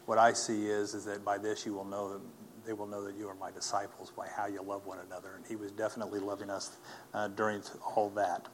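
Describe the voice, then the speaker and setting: A man telling a personal faith testimony as a story, earnest and animated, acting out the people he quotes. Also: on the low side, quick pace, noisy background. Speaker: speaker giving a personal testimony.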